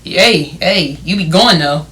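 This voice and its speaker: Young podcast co-host, bright voice, expressive casual chat. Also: mid-range voice, slow pace. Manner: expressive, retells scenes in quotes.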